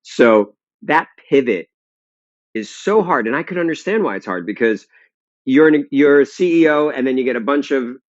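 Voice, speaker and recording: A man speaking as a podcast guest, pressing his points with emphatic repetition. His voice is mid-pitched and sits in a close, dry space. The recording sounds a little dull and muffled. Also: animated, normal speed, no echo. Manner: emphatic, building arguments with repetition. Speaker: guest, restaurant and fitness founder. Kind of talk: podcast interview.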